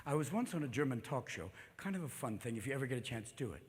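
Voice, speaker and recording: A man's voice: medium pitch, very animated, husky. A man in his fifties doing manic stand-up comedy on a theater stage, leaping into voices. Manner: manic, rapid-fire, leaps into voices. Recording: live theater with long reverb.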